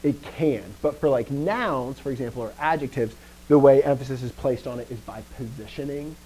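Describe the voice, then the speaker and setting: A man's voice: moderate pace, slight background noise, poor audio. A man teaching a Greek lesson in a casual, self-correcting way, stopping often to check with the class and punching out stressed words to show emphasis. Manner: acts out emphasis with louder, higher stressed words.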